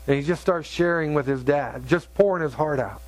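A middle-aged man preaching a sermon, telling a story in an earnest, halting way with many restarts. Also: a little high, a little mellow. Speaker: pastor.

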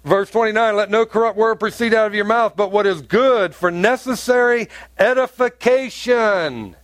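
A man preaching a sermon as pastor, animated and rising to emphatic peaks. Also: high voice, normal speed, no room sound.

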